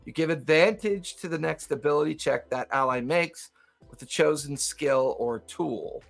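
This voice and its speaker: A man co-hosting a relaxed podcast chat, reading game rules aloud and laughing easily. His voice sits a little high and carries a gravelly fry. Faint music plays under the talk. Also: normal speed. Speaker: podcast co-host. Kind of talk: casual chat about tabletop games.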